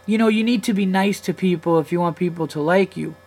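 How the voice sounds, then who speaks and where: A man's voice: high-pitched, brisk, darkish tone, husky, pitched above the performer's own voice. A man voicing a bratty, know-it-all four-year-old boy who talks in a smug, preachy way.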